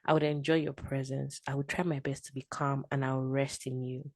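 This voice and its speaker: A woman, a podcast guest telling her story in a casual, animated way and acting out her own quotes. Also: extremely low pitch, fairly quick, dry recording. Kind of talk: casual testimony chat.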